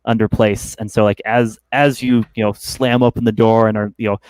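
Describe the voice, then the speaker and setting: A man narrating as game master of a tabletop game, speaking haltingly with many fillers and restarts. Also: lowish voice, flat delivery, a little mellow, smooth, dry recording, low-quality recording.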